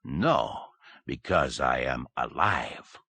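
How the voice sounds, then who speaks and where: A man voicing an old man who speaks under hypnosis with a Slovenian accent and a slow, condescending manner. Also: very deep voice, big pitch swings, vocal fry, pushed and bright, slightly rough, no room sound, pitched below the performer's own voice, heavily acted. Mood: cold.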